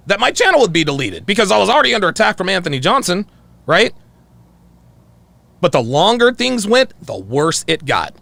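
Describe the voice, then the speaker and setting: A man hosting his channel, telling a heated story in a profane, animated reaction monologue and acting out his phone calls. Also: high voice, creaky, dry recording. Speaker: channel host.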